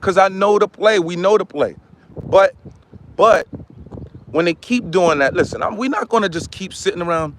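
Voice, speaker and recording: Impassioned man with high voice. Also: lively intonation, moderate pace, a little hiss or hum, low-quality recording. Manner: impassioned, repetitive, restarts often. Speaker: commentary channel host. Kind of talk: heated monologue.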